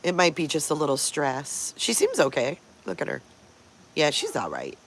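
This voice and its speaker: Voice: mid-range voice, wildly swooping pitch, moderate pace, creaky, a bit bright, slight background noise. A livestream host chatting casually over morning coffee, stopping often to greet viewers by name and to coo at pet dogs.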